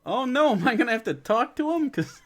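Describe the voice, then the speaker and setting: A man's voice: very high-pitched, animated, fairly quick, fairly bright tone. A man from the US Midwest, streaming and chatting casually in a giggly, self-mocking way. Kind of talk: casual chat.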